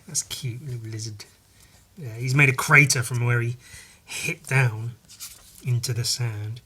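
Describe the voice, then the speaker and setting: Husky man rambling through a comic. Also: mid-range voice, a little slow, bright, forceful tone. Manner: rambling, laughing, swearing, muttering asides. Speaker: podcast host. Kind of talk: casual chat, reading a comic aloud.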